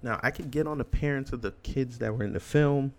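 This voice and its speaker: Ranting bluntly and emphatically with crude language, a commentary show host speaks briskly in a mid-range voice. There's slight background noise.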